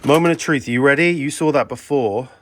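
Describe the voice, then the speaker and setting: An English man with a mid-pitched voice runs a casual vlog from his own shop late at night. He talks bluntly and chattily, slipping into ranting asides as he works. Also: brisk, a little hiss or hum. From England. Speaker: video transfer shop owner.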